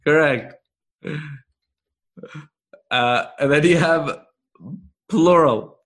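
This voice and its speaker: A Canadian man teaches an interactive Arabic grammar lesson, slowly and encouragingly quizzing his class and praising answers quickly. His voice is fairly high and a bit bright.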